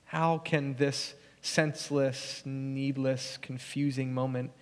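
A man preaching a sermon as pastor, conversational and earnest, going quiet and soft when he reads scripture. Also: on the high side, normal speed, long reverb tail.

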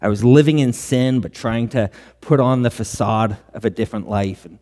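A man's voice: mid-range voice, moderate pace, warm tone. Male pastor preaching in a reverberant hall. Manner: earnest preaching with rhetorical questions. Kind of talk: sermon.

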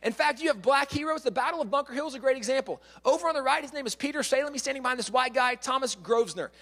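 Man, lively storytelling speaker, high voice, long hall echo. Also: very fast. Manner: lively, acts out quotes, repeats words. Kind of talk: animated storytelling lecture.

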